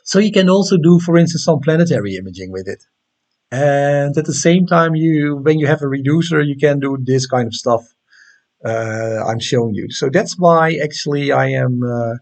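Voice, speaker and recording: A man from the Netherlands with a Dutch accent hosts a casual astronomy livestream, chatting loosely with viewers and reading their comments aloud. His voice is fairly high and a little mellow, and he uses lots of fillers.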